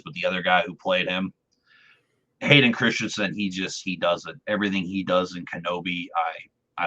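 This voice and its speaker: A man's voice: low-pitched, sharp tone. A man hosting a podcast, chatting casually and enthusiastically as a fan. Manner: enthusiastic, talkative. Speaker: podcast host. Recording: dull lo-fi audio.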